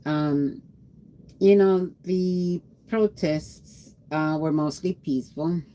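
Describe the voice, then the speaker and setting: Low tired woman on a livestream, slow and rambly, shouting out chatters by name. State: tired after a long day. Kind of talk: casual livestream chat with viewers.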